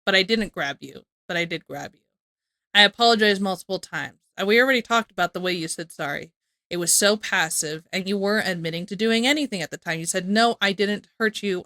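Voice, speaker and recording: A woman's voice: mid-range voice, bright, forceful tone, no room sound. A young woman reacting to a video, talking casually in a rambling, exasperated way. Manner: rambling, exasperated, repeats herself. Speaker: reaction streamer.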